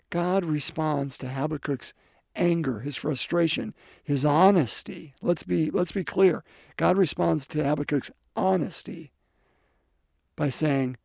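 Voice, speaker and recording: A man preaching a sermon in an animated way, with many restarts and asides, swinging from loud pleading to quiet, hushed passages. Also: on the high side, measured pace, gravelly, no room sound, clean studio sound.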